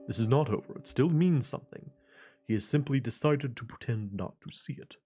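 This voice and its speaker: A man voicing a calm, formal companion in a measured, even tone. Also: medium pitch, music in the background, close to an everyday voice.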